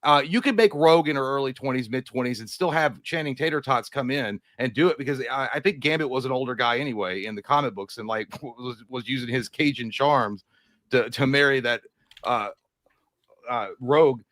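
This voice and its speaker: A man co-hosting a casual movie news show, animated and rambling, swearing freely. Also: mid-range voice, fairly quick, no echo. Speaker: podcast co-host.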